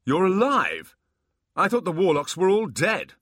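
Male narrator playing a blustering demon chief, high, loud, hostile, bright. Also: very animated, unhurried, dry recording, clean studio sound, exaggerated voice. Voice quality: loud, raised, shouting. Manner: blustering, accusing.

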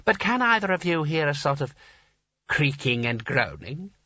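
A man's voice: fairly high pitch, sing-song, moderate pace, pushed and bright, dry recording, lo-fi sound, exaggerated voice. A man voicing a naive, dreamy old rich man who chats in happy wonder.

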